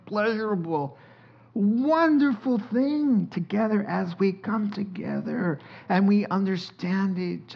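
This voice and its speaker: A man's voice: high-pitched, creaky. A middle-aged man preaching a sermon as pastor, telling joking stories and laughing often. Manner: animated, joking storytelling with frequent laughter. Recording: dull sound with faint background hiss.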